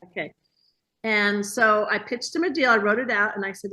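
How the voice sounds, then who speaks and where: A woman's voice: mid-range voice, moderate pace. A woman guest telling stories in a casual interview over a video call, acting out the voices she quotes. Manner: lively storyteller who acts out quoted voices. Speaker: guest, hospitality business owner.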